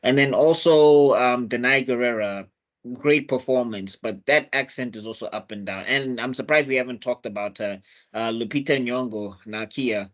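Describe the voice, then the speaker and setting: A man's voice: medium pitch, normal speed. Rambling man reviewing films. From South Africa. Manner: opinionated and rambling, with frequent restarts. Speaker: film review panelist. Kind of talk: casual panel chat.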